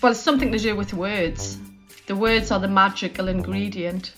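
A woman, a guest writer, speaking slowly and with a lilt in a short preview clip. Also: medium pitch, fairly even intonation. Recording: faint music underneath.

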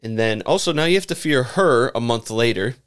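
A man's voice: mid-range voice, animated, fairly quick, fairly bright tone, smooth. A man co-hosting a casual podcast chat, hesitating with ums and chuckling easily. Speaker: podcast co-host.

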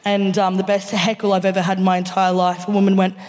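A woman's voice: medium pitch, little pitch movement, quick pace, a little mellow. Laughing Australian woman telling stories on stage. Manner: laughing, loose and chatty. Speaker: stand-up comedian. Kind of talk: live stand-up storytelling. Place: theatre stage before an audience. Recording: reverberant live theatre recording, faint noise.

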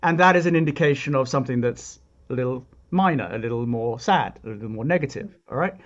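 A man's voice: medium pitch, animated, fast talker. A man speaking as a composer and guest on a podcast, explaining at length in a thoughtful, reflective way and often restarting his sentences. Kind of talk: explanatory interview talk. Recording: dull lo-fi recording.

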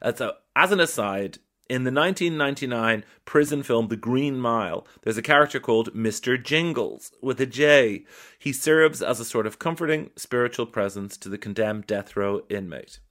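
An Irish man with a mid-pitched voice hosts a comedy podcast. He reads listener emails aloud in a dry, playful way and keeps breaking off to joke about them. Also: lively intonation, normal speed, fairly bright tone. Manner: wry, playful, stops to riff on what he reads. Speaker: podcast host. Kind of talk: comic podcast monologue reading listener emails.

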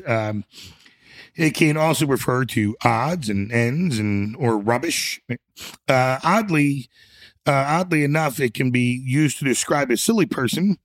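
A man's voice: mid-range voice, no room sound, clean studio sound. A man co-hosting an indie music show, chatting casually and playfully, joking and sometimes tripping over words. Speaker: show co-host. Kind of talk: casual radio show chat.

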